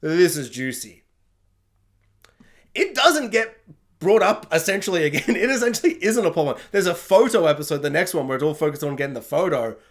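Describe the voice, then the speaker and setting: A man with a somewhat high voice talks through a TV review in a loose, chatty way. He is animated, laughs easily and fills his sentences with asides and fillers. His delivery stays casual and spoken rather than scripted. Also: fast. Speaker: YouTube TV reviewer.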